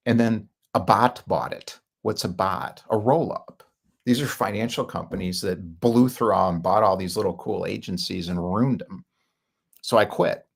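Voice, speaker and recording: A middle-aged man talking in a candid monologue, blunt and exasperated. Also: lowish voice. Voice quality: gravelly. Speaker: marketing consultant.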